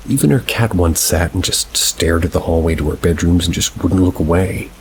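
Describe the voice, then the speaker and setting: A man with a very low, deep voice reads submitted paranormal stories aloud. He takes his time over each sentence, in an unhurried, measured way. Faint rain patters behind him. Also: slight background noise, poor audio. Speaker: narrator. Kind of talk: scripted narration of submitted scary stories.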